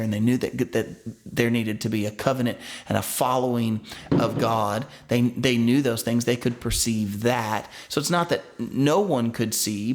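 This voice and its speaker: Conversational male pastor preaching. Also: medium pitch. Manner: conversational, asks the listeners questions, restarts words. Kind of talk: sermon.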